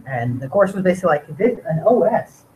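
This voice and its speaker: A man's voice: high-pitched, expressive, brisk, a crowd in the background. A man teaching a coding bootcamp class, chatting casually and joking with students. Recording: noisy classroom audio.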